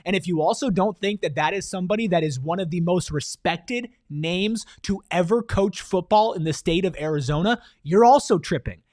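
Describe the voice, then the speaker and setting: A man with a high voice argues his points on a sports show in a loose, emphatic, slangy way. The sound is dry and close, with no room around it. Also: normal speed, hardly any pauses, a little mellow, no room sound. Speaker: sports podcast co-host. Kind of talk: casual sports talk.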